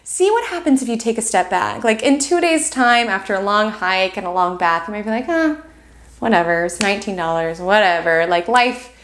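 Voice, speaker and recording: A woman's voice: a little high, expressive, moderate pace, hardly any pauses, a bit bright, slight background noise. A woman hosting a weekly astrology forecast, talking in a chatty way full of "like" and "right?", acting out little quoted inner voices. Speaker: astrologer host.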